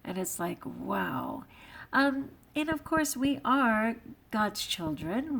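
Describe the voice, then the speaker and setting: A woman vlogger and teacher, thinking aloud in a soft-spoken, musing way and sometimes dropping to a whisper. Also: a little high, sing-song, slow, creaky, slight background noise. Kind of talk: reflective casual vlog talk.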